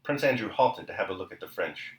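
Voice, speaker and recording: A man reading a novel aloud and then reflecting on the chapter, in a measured, even delivery. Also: lowish voice, reverberant, poor audio. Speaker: reader and commentator.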